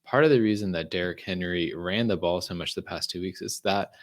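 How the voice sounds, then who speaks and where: Man, deep voice, casual podcast chat, dry asides. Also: fairly quick. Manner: chatty, frequent ums and restarts, dry sarcasm. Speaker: fantasy football analyst.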